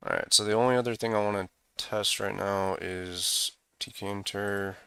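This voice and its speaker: A man with a deep, gravelly voice thinks aloud as he works through his code in a casual walkthrough. His tone is bright and smooth despite the gravel. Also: steady tone, moderate pace, dry recording. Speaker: programmer screencasting code.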